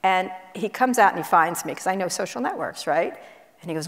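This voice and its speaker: A woman journalist telling blunt, brisk anecdotes with many asides, on stage in a university auditorium. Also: fairly low pitch, animated. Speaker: guest journalist. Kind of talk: onstage conversation, storytelling. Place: university auditorium before an audience. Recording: echoey auditorium hall.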